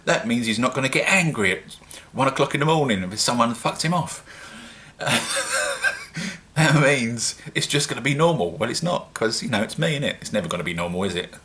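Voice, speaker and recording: A man's voice: mid-range voice, lively intonation, quick pace, few pauses, pushed and bright. A man with a British accent, chatting casually and rambling a little in a self-mocking home-brewing vlog. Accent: British English.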